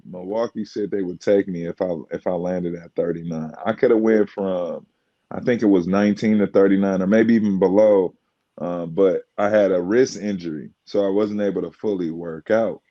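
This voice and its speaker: A man, a former pro basketball player from the United States, telling stories in a casual podcast chat, animated and quick to laugh. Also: low-pitched, highs cut off. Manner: animated, acts out quotes, laughs often.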